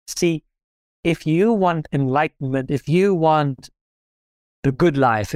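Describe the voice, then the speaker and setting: A man being interviewed, telling a parable in a calm, measured way. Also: fairly high pitch, no echo. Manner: calm, measured, repetitive storytelling. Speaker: interview guest. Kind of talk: storytelling in conversation.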